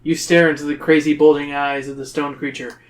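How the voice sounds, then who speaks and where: A man with a somewhat high voice reads a gamebook aloud to his friends. He lays on drama and playful emphasis, treating the reading like a casual performance. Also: flat delivery, a little fast.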